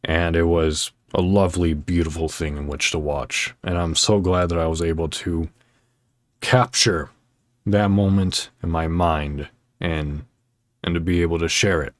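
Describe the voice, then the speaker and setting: Man, very low voice, slow halting delivery, podcast host, dry close sound. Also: fairly even intonation, no room sound. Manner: halting, many fillers, heartfelt storytelling. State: choked up. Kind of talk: casual chat.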